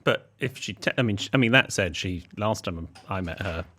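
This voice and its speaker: A man's voice: low-pitched, brisk, bright, forceful tone. A man co-hosting a podcast who teases his co-host with playful asides in casual banter.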